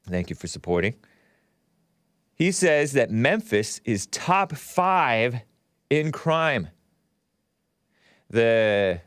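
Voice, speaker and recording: A man hosting a live-streamed call-in talk show, animated and jokey, chuckling as he reads chats. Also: medium pitch, smooth, dry recording, clean studio sound. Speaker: show host.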